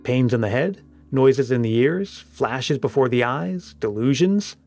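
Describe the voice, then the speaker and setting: A man voicing a sober young ship's doctor who answers in a measured, quiet way. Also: medium pitch, expressive, vocal fry, faint music behind. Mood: clinical.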